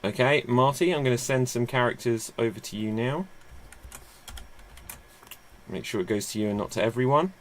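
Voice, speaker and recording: A man's voice: mid-range voice, slight background noise. A man hosting a live-streamed comedy game show in a chatty, upbeat way. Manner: chatty and upbeat, with quick asides.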